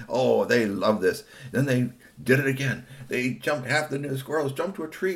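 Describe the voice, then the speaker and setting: Guy reading a kids story out loud, super lively pitch, hushed then excited. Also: brisk. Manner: animated, swooping between hushed and excited. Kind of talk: storytelling for children.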